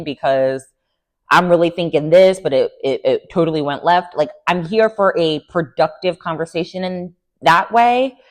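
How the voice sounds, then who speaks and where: A woman giving sassy, opinionated recap commentary on a reality show with lively slangy asides. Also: fairly low pitch. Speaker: recap vlogger.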